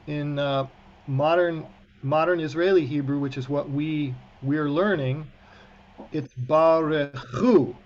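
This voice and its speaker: A man teaching prayer-book Hebrew in an online class, encouraging his students and often restarting his sentences. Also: a little high. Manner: encouraging, frequent fillers and restarts. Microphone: video call. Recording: muffled video-call audio with faint hiss.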